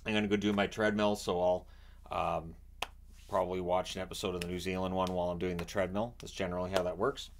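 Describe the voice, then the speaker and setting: A man from Canada chatting casually about a reality show he watches, animated and often restarting his sentences. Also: sits low, quick pace, slight background noise. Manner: animated, acts out quotes in raised voice; repeats and restarts words often. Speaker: vlogger. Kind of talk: casual chat.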